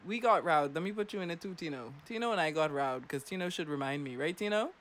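A woman's voice: low voice, lively intonation, fast talker, a little hiss or hum. A young woman hosting a late-night radio show from a studio, chatty and teasing, laughing often. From Bahamas.

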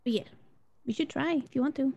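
A woman's voice: high voice, fairly quick, vocal fry, dark tone, muffled recording, a little hiss or hum. A woman playing a tabletop game, talking in character in a casual, hesitant way that trails off, over an online call. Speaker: player. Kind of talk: in-character role-play chat. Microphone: online call microphone.

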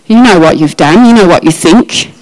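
A sly male devil taunts and accuses, his voice pitched a little low, as a woman preacher puts him on. He presses each question hard, needling and intimidating. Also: lively intonation, moderate pace, a little mellow, natural voice, poor audio. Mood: accusing.

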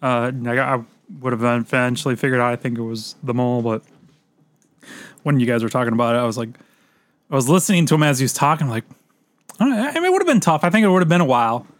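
A man's voice: medium pitch, expressive, quick pace, no room sound. Co-host: male, hedging and hesitant, dry recording. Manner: hesitant, full of restarts and hedging. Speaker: podcast co-host. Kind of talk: casual chat.

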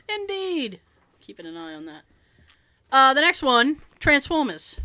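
A woman co-hosting a casual movie chat, animated, laughing often and swearing casually. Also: high voice, no room sound. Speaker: podcast co-host.

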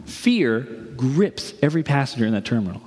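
A middle-aged male pastor, medium in pitch and fairly quick, brings a sermon story to life by acting out the voices of the people in it. The large church hall adds long reverb, and there's a little hiss or hum.

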